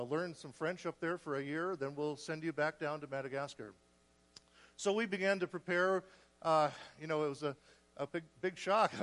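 A man recounts his missionary journey in a folksy way, chuckling and acting out both sides of conversations. His voice sits a bit high. The sound carries the long reverb of a church hall. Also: fairly bright tone. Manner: folksy, laughing, acts out dialogue. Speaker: missionary speaker. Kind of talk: storytelling missionary talk.

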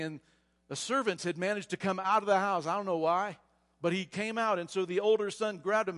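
A male pastor preaching a storytelling sermon, animated, often repeating words as he goes. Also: high voice, a little fast, long reverb tail. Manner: animated retelling, frequent repetitions. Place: church sanctuary.

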